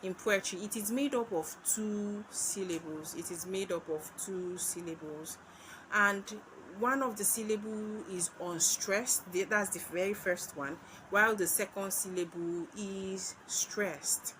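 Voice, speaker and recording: Recorded at low quality with a faint hiss or hum, a Nigerian literature tutor runs an exam-prep lesson in a mid-range, slightly bright voice. Her delivery is slow and repetitive, full of questions she poses and answers herself.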